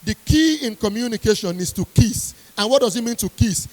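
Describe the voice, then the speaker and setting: A woman's voice: fairly high pitch, animated, fairly quick, darkish tone. A woman university lecturer giving an emphatic motivational speech to an audience, repeating her key lines sternly. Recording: long hall reverb.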